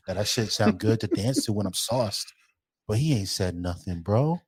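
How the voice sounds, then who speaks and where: A man co-hosting a podcast, ranting in profane, animated casual banter. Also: fairly low pitch, moderate pace, breathy edge. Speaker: podcast co-host.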